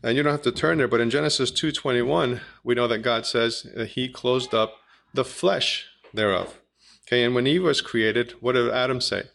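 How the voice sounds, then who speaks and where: A man's voice: mid-range voice, moderate pace, gravelly, a bit bright. A man teaching a Bible study, methodically reading scripture passages aloud and explaining them. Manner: methodical, reads scripture aloud in King James wording.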